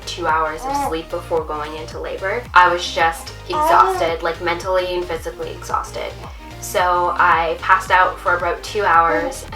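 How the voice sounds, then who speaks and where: A woman's voice: lowish voice, bright, forceful tone. A woman vlogger earnestly recounting a personal story to her viewers, confiding and direct. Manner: earnest, confiding, addresses viewers as ladies and mamas. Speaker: vlogger and new mother. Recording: roomy echo, distant mic, faint music.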